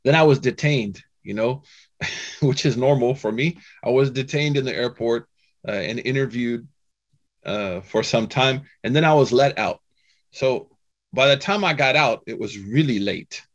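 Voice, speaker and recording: A man telling a personal story in a talk to a Muslim audience, chatty and animated, full of "you know" and "man". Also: medium pitch, measured pace, dull audio. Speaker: Muslim speaker giving a talk.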